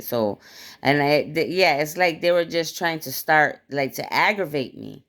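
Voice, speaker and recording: A woman casually recounting a dream to viewers with blunt, profane, animated storytelling; her mouth is dry. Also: low voice, measured pace. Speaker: spiritual vlogger.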